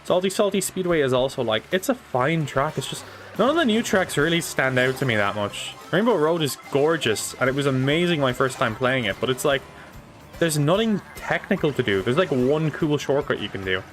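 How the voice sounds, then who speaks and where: A man's voice: fairly high pitch, lively intonation, brisk, faint music behind. A young man chatting casually while playing a racing game live, rambling and swearing now and then, on a desk microphone. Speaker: streamer. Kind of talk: casual live gameplay chat.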